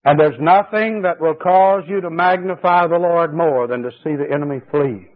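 Preaching a fervent sermon at a church service, a man speaks at a moderate pace, his voice swinging from high exclamations to low, confiding asides. It's captured on a tinny old cassette tape.

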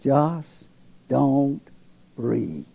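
A man voicing the devil pretending to be God, speaking slowly in a soft, coaxing tone. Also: medium pitch, very animated, vocal fry, husky, pitched below the performer's own voice, heavily acted. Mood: soothing. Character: lying devil posing as God, soft, soothing, male. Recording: dull lo-fi recording.

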